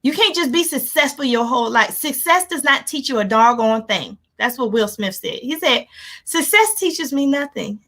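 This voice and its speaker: A woman life coach giving an energetic motivational talk, animated and laughing often as she acts out her own reactions. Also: high voice, moderate pace. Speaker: life coach hosting a live motivational session.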